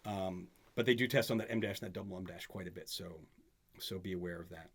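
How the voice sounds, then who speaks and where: In a conversational grammar tutoring session, a man with a deep, breathy voice speaks at a quick pace. He stays patient with his student and keeps checking that she's following along.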